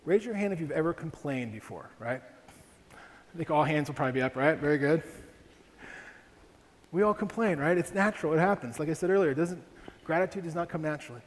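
A young pastor from Ohio preaches a sermon built around a family story, frequently putting rhetorical questions to the congregation. His voice is a little high, expressive and fairly quick, with long pauses, and a large hall's long reverb and faint ambience fill the recording.

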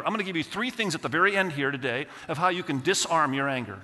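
A man preaching a sermon, reading scripture slowly and asking the congregation questions in a conversational way. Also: a little high, animated, pushed and bright. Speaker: pastor. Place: church sanctuary. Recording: church hall with long reverb.

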